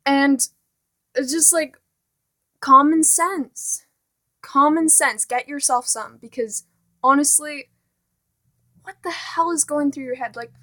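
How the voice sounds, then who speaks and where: A teenage girl vlogging a casual, exasperated rant, full of "like" and "honestly". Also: sits high. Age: teens.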